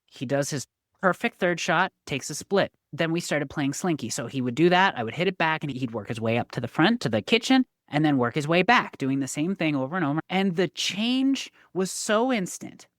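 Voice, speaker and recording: A woman coach talks with real enthusiasm, her pitch leaping around as she makes her points. The sound is dry and close, with no room echo. Her delivery is motivational and energetic. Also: moderate pace. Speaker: guest, success coach and pickleball coach. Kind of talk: casual interview talk.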